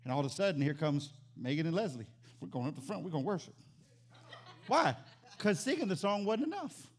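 A man preaching as pastor, animated, swinging from loud exclamations to quiet emphatic lines. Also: on the high side, a little fast. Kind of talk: sermon.

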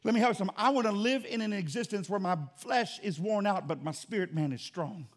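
In a church, a high-pitched, fast-talking pastor preaches a sermon from the pulpit. He builds his points through repetition, swinging between loud, emphatic lines and quieter asides.

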